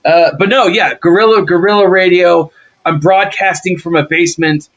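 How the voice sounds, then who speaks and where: A man from Texas in casual chat as a podcast guest. He is easygoing and self-deprecating and hesitates with fillers, his voice sitting a little high. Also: normal speed, fairly bright tone, dull audio. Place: home basement.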